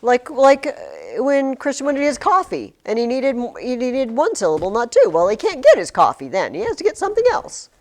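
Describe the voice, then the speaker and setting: A woman's voice: high-pitched, huge pitch swings, moderate pace, hardly any pauses, darkish tone. A woman teacher giving a classroom lesson, talking emphatically and often restarting her words. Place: classroom with curtains on the walls. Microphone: recording device in the classroom.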